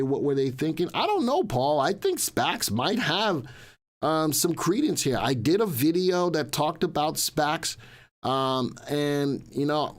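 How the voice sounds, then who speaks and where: A man hosting a live stock market show, chatty and repetitive, often restating lines as he talks through the news. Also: on the high side. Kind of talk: casual livestream market commentary.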